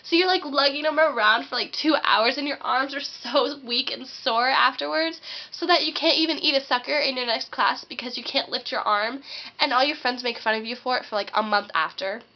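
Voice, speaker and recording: A woman's voice: high-pitched, fairly quick. A teenage girl ranting sarcastically in a vlog, acting out what other people say. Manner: sarcastic, acts out quoted voices. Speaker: vlogger. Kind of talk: sarcastic comedic rant. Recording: dull lo-fi webcam audio.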